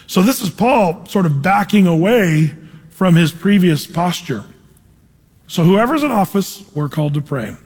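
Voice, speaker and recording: High-voiced pastor in a reverberant hall. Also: male voice, a little slow, slightly rough. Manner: animated, conversational, asks the congregation questions. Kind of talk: expository Bible teaching.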